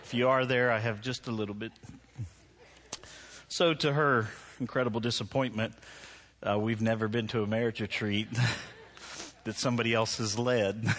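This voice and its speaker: A man's voice: fairly low pitch, steady tone, moderate pace, long pauses, a bit bright. A middle-aged man preaching a sermon in a church, joking and self-deprecating, laughing at his own stories before turning to prayer. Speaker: pastor. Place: church sanctuary.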